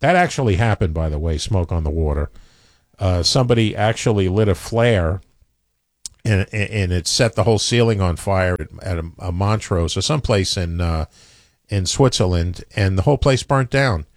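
A man's voice: sits low, lively intonation, normal speed, no room sound, studio quality. A man co-hosting a casual chat, opinionated and rambling, often stammering and restarting.

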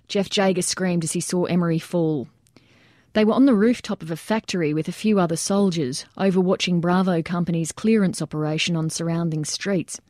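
A woman with a lowish, mellow voice reads a scripted nonfiction account. She tells it in a measured, plain way, and the recording is close and dry with no room sound. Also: no echo. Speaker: narrator.

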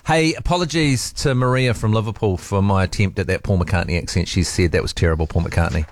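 A man's voice: on the low side, fairly quick, no room sound. A man co-hosting a talk radio show, chatting casually and jokily. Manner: animated, chatty, jokey. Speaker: radio co-host.

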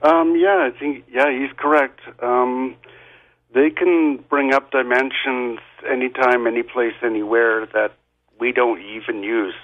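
A man appearing as a guest on a radio show by phone, hesitant and halting, with many fillers. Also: mid-range voice, steady tone. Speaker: guest expert. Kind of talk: phone-in interview. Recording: tinny phone line, faint music.

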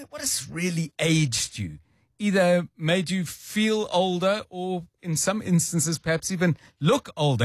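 A man's voice: a little high, no echo. Man, radio presenter, conversational, light voice, dry studio sound. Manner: chatty, conversational, with fillers. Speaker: radio show host. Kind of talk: live drive-time radio presenting. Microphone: studio microphone.

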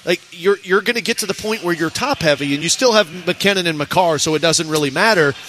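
A man's voice: a little high, fairly bright tone. A man hosting a sports broadcast from an arena event, chatting casually and joking with his co-host. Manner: chatty, joking, quick to laugh.

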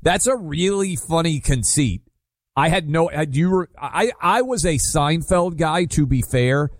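A man's voice: fairly high pitch, expressive, a little slow, no room sound. A male talk radio host chats with callers and his co-host in a friendly way, often restarting his sentences. The mic sound is close and dry. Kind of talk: casual radio chat.

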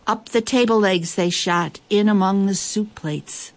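Expressive woman reading a children's story. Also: fairly low pitch, measured pace, hardly any pauses. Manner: lively, expressive, with playful asides.

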